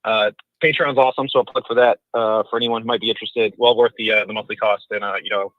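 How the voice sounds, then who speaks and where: A man's voice: on the low side, fairly even intonation, fast talker, no echo. A man calling into a show by phone, rambling through his point with many fillers. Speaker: caller. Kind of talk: casual chat. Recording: tinny, dry phone line.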